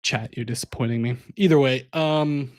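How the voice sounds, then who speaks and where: A man's voice: medium pitch, normal speed. A man casting a live online card game tournament, talking casually and chatting with his viewers as he walks through the plays. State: sleepy, yawning. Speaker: caster.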